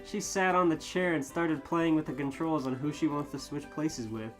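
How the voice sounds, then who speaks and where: A man co-hosting a comedy podcast, reading fan fiction aloud with mock drama and bursts of shouting. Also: fairly high pitch, moderate pace, faint music behind. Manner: reads aloud with sudden loud shouted quotes and laughs.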